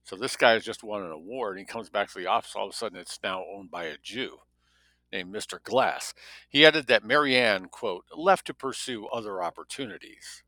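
A man with a lowish, bright and forceful voice reading a novel aloud. He stops now and then for wry asides on the story. The sound is dry and close. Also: normal speed, dry recording, low-quality recording. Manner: breaks off reading for wry spoken comments. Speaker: story reader.

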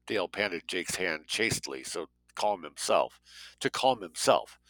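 A man narrating an audiobook in a measured way, recorded close and dry. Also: lively intonation, a bit bright, no room sound, poor audio. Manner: measured, dropping low for tags. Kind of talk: scripted narration.

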